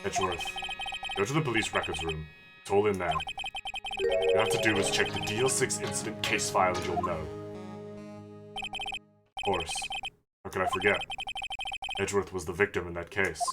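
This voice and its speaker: Woman doing a deep-voiced showy defense lawyer. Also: moderate pace, long pauses, over loud music. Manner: low put-on "deduction voice", theatrical. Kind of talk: fan voice-over of a game.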